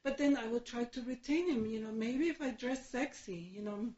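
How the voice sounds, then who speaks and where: A middle-aged woman from Mexico giving a halting personal testimony, full of fillers and restarts, laughing through painful memories. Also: fairly high pitch, warm tone. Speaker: speaker sharing her recovery story. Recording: echoey room, dull lo-fi sound.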